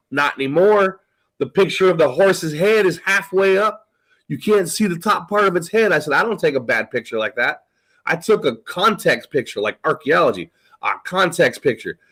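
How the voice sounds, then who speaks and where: Rambling male guest, high-pitched, loose and profane. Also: fairly bright tone, poor audio. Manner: rambling, swearing, tells stories with quoted dialogue. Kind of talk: casual chat on a call.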